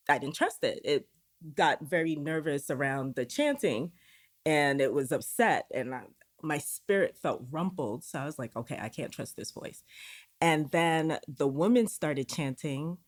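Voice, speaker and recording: Low-voiced woman telling a candid story. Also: animated, measured pace. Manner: acts out inner voices in quoted dialogue; candid, uses swearing. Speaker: podcast guest. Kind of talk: personal storytelling.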